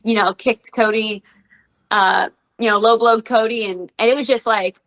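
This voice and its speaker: A woman in her thirties talks through her stories in a relaxed podcast interview. Her voice is bright and ringing, and she acts out what others said with lively bursts. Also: a little high, normal speed, rough recording. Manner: animated storyteller, acts out quotes. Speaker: guest, professional wrestler and radio personality.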